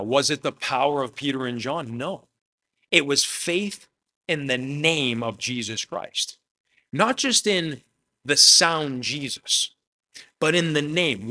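A man preaching a sermon, telling a Bible story with animated swings from hushed to loud, often adding "man". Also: mid-range voice. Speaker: pastor.

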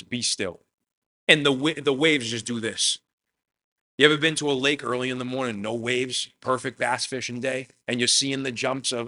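A man preaching a sermon, telling a Bible story with animated swings from hushed to loud, often adding "man". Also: mid-range voice. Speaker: pastor.

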